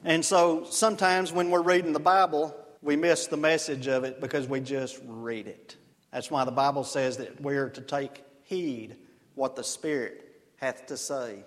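Man, pastor, sermon, earnest, conversational storyteller, high voice, long church reverb.

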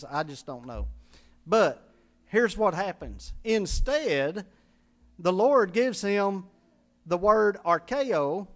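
Male preacher, high-pitched, folksy and humorous, teaching scripture from the pulpit. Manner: spells out Greek words letter by letter. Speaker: pastor. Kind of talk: sermon.

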